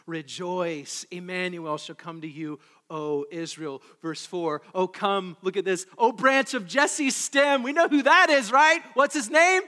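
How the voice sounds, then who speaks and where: A man preaching a sermon, animated and excitable, building to eager bursts as he teaches about an old hymn. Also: high voice, long reverb tail. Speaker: pastor. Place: church sanctuary.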